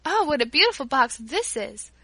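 A woman's voice: high-pitched, sing-song, moderate pace, sharp tone, no room sound, voice pushed up, heavily acted. A woman reading the lines of a young woman cousin who exclaims over gifts, in a storybook reading. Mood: excited.

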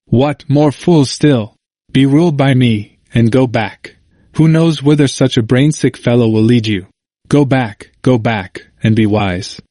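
A man's voice: medium pitch, unhurried, warm tone, dry recording, clean studio sound, close to an everyday voice. A man voicing a stern, scornful male neighbor who scoffs and dismisses.

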